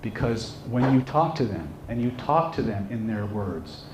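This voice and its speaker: A seminar trainer with a mid-range voice speaks at normal speed, telling stories and animatedly voicing the shouting people in them. The recording comes from an echoey room with faint noise.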